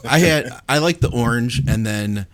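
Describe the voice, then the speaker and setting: A man's voice: medium pitch, animated, moderate pace. A man co-hosting a podcast in casual chat, joking and steering the topics. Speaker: podcast co-host.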